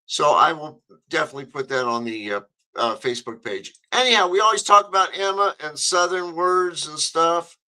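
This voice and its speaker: A man's voice: a little high, expressive, moderate pace, bright, forceful tone, low-quality recording. A man hosting a talk radio show, rambling and chatty with many fillers.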